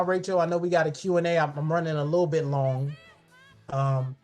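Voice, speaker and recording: A man's voice: fairly high pitch, fairly even intonation, fairly quick, soft background music. Man giving a fond talk. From Columbia, South Carolina. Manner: fond, personal, with frequent restarts. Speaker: guest speaker. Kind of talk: online history talk showing family photos. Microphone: video call.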